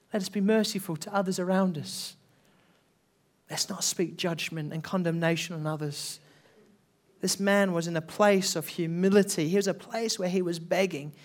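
Earnest man preaching a Pentecostal sermon. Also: sits high. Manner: earnest preaching that swings from hushed to loud, with repeated restarts.

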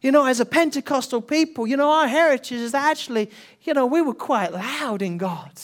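A man preaching a Pentecostal sermon to his church, earnest, swinging between hushed passages and loud, building calls, and often repeating himself as he restarts. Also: very high-pitched, fairly quick.

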